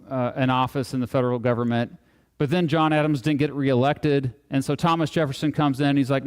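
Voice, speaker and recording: A man giving a live public lecture to an audience, casual and animated, joking and making asides as he talks. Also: fairly high pitch, clean tone. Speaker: guest speaker. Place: hall, talking to a live audience. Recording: long hall reverb.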